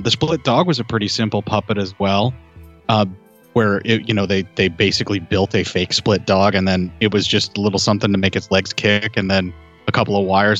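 A man's voice: lowish voice, fairly bright tone, lo-fi sound. A man chatting casually about an old horror film, talkative and loose, filling his sentences with "like" and "you know". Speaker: film podcast co-host.

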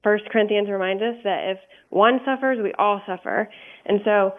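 A woman's voice: mid-range voice, moderate pace. A woman guest in a radio interview who speaks in an earnest, candid way and often says "um". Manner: earnest, candid, frequent ums. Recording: phone-like narrow sound.

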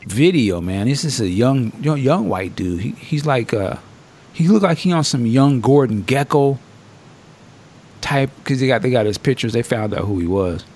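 Animated slangy man telling stories. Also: medium pitch, a little slow, a little hiss or hum. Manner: animated storytelling, acting out quotes in a raised voice; slangy, profane, laughs often. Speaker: podcast host. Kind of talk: casual chat.

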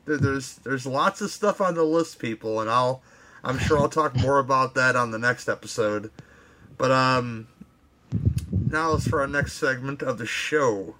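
A man hosting a podcast in an easy, laid-back manner. His voice is bright and forward at a mid pitch, and he chats loosely as he moves the show along. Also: rough recording. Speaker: podcast host. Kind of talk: casual chat.

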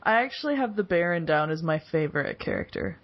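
A woman's voice: on the low side, sing-song, fast. A woman in her forties hosting a podcast, chatting casually and laughing often between phrases. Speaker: podcast host. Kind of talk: casual chat. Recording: dull lo-fi podcast audio.

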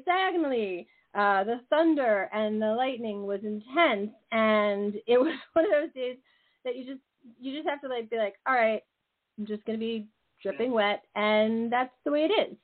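A woman hosting a radio talk show, chatting casually in a playful, teasing way. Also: high-pitched. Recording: phone-like narrow band.

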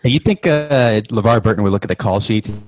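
A man's voice: lowish voice, fast. A man co-hosting a podcast in casual chat, dropping dry quips. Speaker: podcast co-host.

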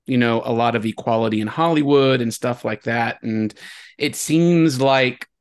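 A man's voice: mid-range voice, moderate pace, clear, resonant tone. A man hosting a casual film podcast, chatting loosely and laughing often. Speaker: podcast host. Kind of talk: casual chat.

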